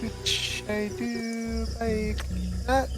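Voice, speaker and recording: A woman playing a tabletop game, chatting casually and thinking out loud as she plans. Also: on the high side, level tone, drawn-out words, loud music behind the voice.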